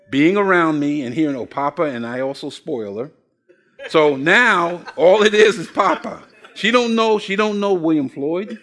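An older male pastor preaches a sermon in a high, slightly bright voice. He poses questions to the congregation and spins folksy stories, acting out the voices of those he quotes.

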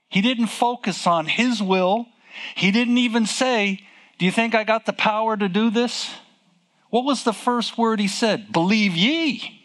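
A man preaching a sermon, asking rhetorical questions, repeating phrases and exclaiming with excitement. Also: high voice. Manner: asks rhetorical questions to the listeners.

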